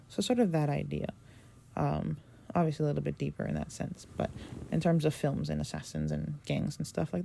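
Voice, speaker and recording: A woman's voice: low-pitched, creaky, dark tone. A young adult woman hosting a podcast, talking in a rambling, gushing way with lots of filler words. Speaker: podcast host. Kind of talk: casual solo podcast review.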